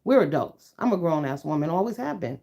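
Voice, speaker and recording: A woman's voice: sits low, big pitch swings, fairly quick, creaky, mellow, slightly rough. Middle-aged woman ranting to her viewers, blunt and sweary, really laying it on. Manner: blunt, profane, emphatic ranting. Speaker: YouTuber. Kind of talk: casual chat to viewers.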